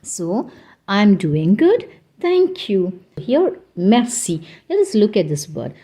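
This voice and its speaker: A woman from India with an Indian English accent, a native Hindi speaker, teaching a beginner language lesson slowly and patiently, repeating phrases for learners. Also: mid-range voice, sing-song, dark tone, slightly rough. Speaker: French teacher.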